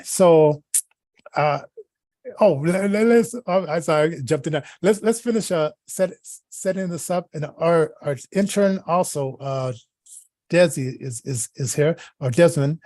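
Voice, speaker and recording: A man's voice: on the high side, measured pace, a little mellow, no echo, clean studio sound. A man co-hosting a talk show in a chatty, casual way, often stammering and restarting his sentences. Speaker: co-host.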